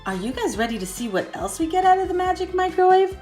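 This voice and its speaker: A young woman hosting a children's toy video, talking in a sing-song, excited way and counting slowly. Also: extremely high pitch. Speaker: kids' toy video host. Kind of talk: children's toy play narration. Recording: echoey room, faint music.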